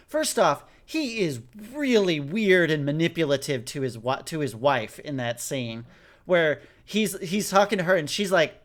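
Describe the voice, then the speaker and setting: A man co-hosting a casual podcast, recapping an episode and mocking the characters in quick put-on voices. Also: fairly high pitch. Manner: animated, jumps into mocking voices when quoting characters. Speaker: podcast co-host.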